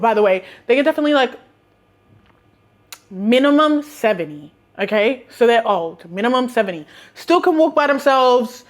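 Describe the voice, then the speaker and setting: Sarcastic young Australian woman, laughing. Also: high voice. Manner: animated, sarcastic, laughs a lot. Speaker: vlogger. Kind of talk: casual storytime.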